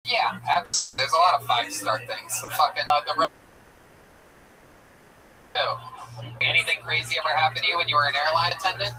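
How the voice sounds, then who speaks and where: A man's voice: a little high, fairly quick, long pauses, crowd noise. An American man hosting a comedy show, asking crude, needling questions of a guest. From United States. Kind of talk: comedy show roast interview. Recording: music, voice far from mic.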